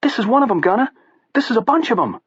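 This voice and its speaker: A squeaky, jittery young man with a thick Boston accent rattles off words in a high, shrill voice. He sounds loud and wound up, an audiobook sidekick who never stops jabbering. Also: husky, no echo, muffled recording, exaggerated voice. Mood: frantic. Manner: rapid excited jabber.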